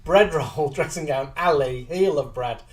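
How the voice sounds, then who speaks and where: Animated guy reading viewer comments, bit off mic. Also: fairly high pitch, distant mic. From Liverpool. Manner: chatty, animated, quick to laugh. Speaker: co-host of a live chat show.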